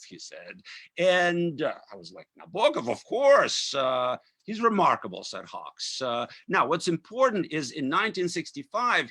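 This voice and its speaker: A man in his fifties from Russia with a Russian accent, giving a lecture that mixes reading with remarks, measured and full of uh fillers. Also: fairly high pitch, sharp tone, no room sound. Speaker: author giving a talk.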